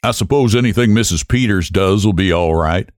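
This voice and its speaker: A man's voice: on the low side, fairly quick, darkish tone, no room sound, studio quality, lightly acted. A man voicing a jovial, dismissive middle-aged sheriff in an audiobook. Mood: mild. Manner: hearty, dismissive.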